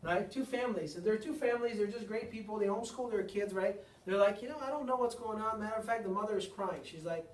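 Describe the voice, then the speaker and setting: A man's voice: high voice, fast talker, hardly any pauses, a little hiss or hum. A man, a chiropractor, giving a seminar to a live audience, speaking emphatically with repeated lines and rhetorical questions. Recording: echoey room, mic far off.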